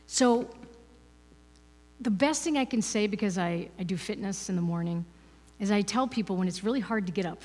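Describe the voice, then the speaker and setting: A woman's voice: medium pitch, a little mellow. Woman speaking in a reverberant hall. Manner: chatty, peppered with "you know" and "right?". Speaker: guest speaker at a spiritual ministry. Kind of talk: conversational inspirational talk. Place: ministry service hall, indoors.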